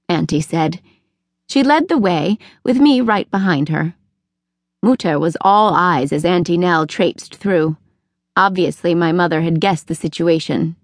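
A woman's voice: lowish voice, measured pace, no echo. Woman narrating an audiobook, dry studio. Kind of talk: scripted first-person narration.

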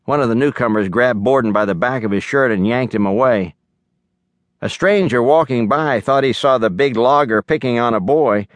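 A man reading a children's novel aloud as the audiobook narrator, in a measured storytelling manner, recorded close on a studio mic. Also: mid-range voice, no echo. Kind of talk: scripted narration.

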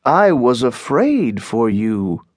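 A man's voice: medium pitch, very animated, slow pace, no room sound, clean studio sound. A man voicing an anxious, timid English colony governor in an audiobook, worried and pleading. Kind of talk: audiobook character reading.

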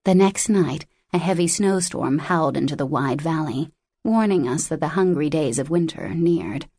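A woman narrates a fantasy audiobook in a lower, measured voice with expressive storytelling. The studio sound is close and dry, with no room around her. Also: breathy edge, no echo. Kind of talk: scripted narration.

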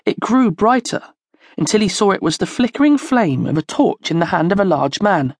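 A woman narrating a children's storybook in a slow, expressive storytelling manner, close to the mic. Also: medium pitch, no echo. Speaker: audiobook narrator.

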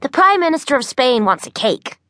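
A woman voicing an excitable, theatrical ten-year-old boy in a children's audiobook. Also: high-pitched, fairly quick, no room sound, studio quality, full character voice. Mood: playful. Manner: theatrical, playful. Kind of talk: audiobook character voice.

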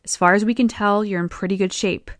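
Woman voicing a calm, quick male paramedic. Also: mid-range voice, no echo, studio quality, close to an everyday voice. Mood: reassuring. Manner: steady, reassuring.

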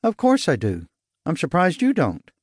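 A man's voice: on the high side, wildly swooping pitch, moderate pace, a little mellow, husky, dry recording, clean studio sound, pitched above the performer's own voice, heavily acted. A male audiobook narrator voicing a fussy, fretful woman who chides and frets in a raised, lighter voice. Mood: chiding. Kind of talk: audiobook character voice. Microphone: studio mic.

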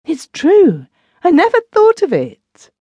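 A woman narrator voicing a proud, discontented young wife who pleads and frets, her pitch rising on outbursts. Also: sing-song, measured pace, warm tone, no room sound. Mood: eager.

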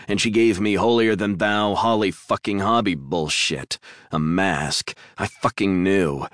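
Sneering crude killer guy, gloating and taunting, a touch higher than the narrator, as the narrator plays him. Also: a bit bright, no room sound, clean studio sound. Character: menacing, taunting paroled male killer.

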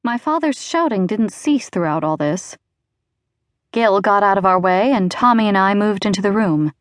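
A woman's voice: mid-range voice, expressive, normal speed, no room sound. A woman narrating a romance audiobook in first person, with a wry, controlled delivery on a close studio mic.

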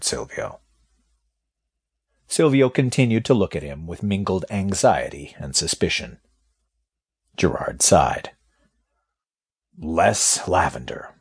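Man, audiobook narrator, husky, animated delivery, scripted narration. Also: fairly low pitch.

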